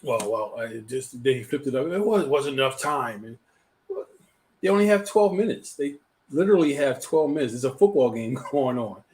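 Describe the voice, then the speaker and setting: A man's voice: mid-range voice, animated, normal speed, mellow. Host man thinking aloud, restarting phrases. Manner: thoughtful, repeats words when starting a thought. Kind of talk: casual conversation on a live show.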